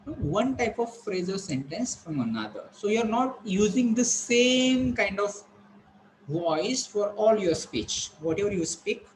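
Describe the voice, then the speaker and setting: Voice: mid-range voice, a little hiss or hum, rough recording. Teacher, voice goes up and down a lot, asks the class questions and says it again another way. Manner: repeats and rephrases, asks the class rhetorical questions. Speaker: college lecturer. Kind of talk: online class lecture.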